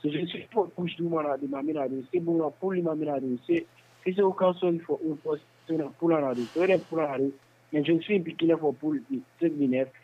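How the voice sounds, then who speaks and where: A man with a Sierra Leonean Krio accent recounting events in a phone interview, in halting, repetitive speech. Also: on the high side, steady tone, slightly rough. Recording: tinny phone line.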